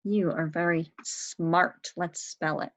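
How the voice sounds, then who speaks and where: A woman leads young children through a spelling lesson. She speaks very slowly in a slightly low voice. She sounds out each word and spells it letter by letter with patient encouragement. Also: steady tone, rough recording. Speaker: teacher.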